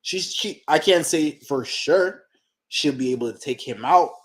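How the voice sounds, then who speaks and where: A man hosting a manga reaction channel, talking to himself while he reads, excitable and profane in casual reaction commentary. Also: a little high, unhurried.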